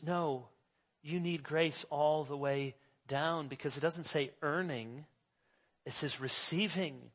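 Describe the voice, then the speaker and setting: A middle-aged male pastor preaching a sermon, swinging from hushed asides to loud emphasis. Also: on the high side, takes it slowly.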